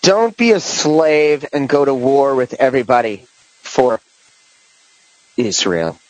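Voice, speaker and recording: A man's voice: mid-range voice, expressive, slow, dry recording, rough recording. Give me a male podcast host talking in loose, rambling chat with a dry, close sound. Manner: rambling with many restarts and fillers. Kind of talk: casual political chat.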